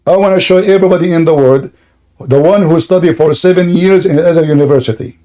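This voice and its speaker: Combative high-voiced man, straining throat. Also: fast, mellow. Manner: combative, insulting, repeats questions. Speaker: debate host. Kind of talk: heated online debate.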